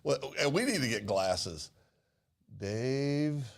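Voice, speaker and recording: Brief: man, mid-pitched gravelly voice, casual business co-host, laughs often. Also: moderate pace.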